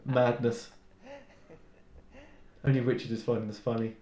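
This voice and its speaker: Male streamer, mid-pitch, dry mocking asides over gameplay, some room echo. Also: flat delivery, a little slow, dark tone. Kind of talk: casual game commentary. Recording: roomy echo.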